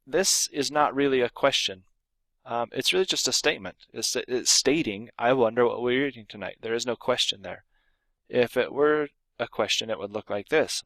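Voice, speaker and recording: A man gives a recorded grammar lesson, calmly explaining rules and reading out example sentences. His voice sits at a middle pitch. The recording is close and dry, with no room sound. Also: moderate pace, vocal fry, dry recording. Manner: explains with read-aloud example sentences, some fillers and restarts. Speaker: grammar teacher.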